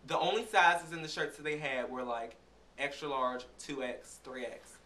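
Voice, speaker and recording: A young man telling a casual, animated story as a vlogger, acting out the dialogue himself and sounding like he is getting over an illness. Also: mid-range voice, normal speed, roomy sound, a little hiss or hum. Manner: animated, chatty, acts out dialogue. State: recovering from illness. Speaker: vlogger reviewing a concert.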